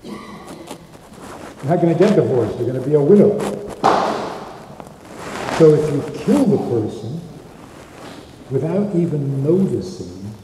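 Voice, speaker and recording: A man's voice: medium pitch, sing-song, slow pace, long pauses. A man giving a talk on marriage, telling stories and acting out the people in them, with rhetorical questions. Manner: acts out quoted speakers, rhetorical questions. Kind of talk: lecture with storytelling. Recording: echoey hall with background noise.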